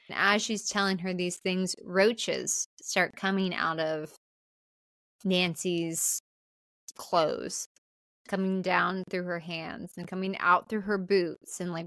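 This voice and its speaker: Bright, animated woman recapping a film. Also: medium pitch, no room sound. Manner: animated, swearing, filler-heavy "like". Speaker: podcast co-host.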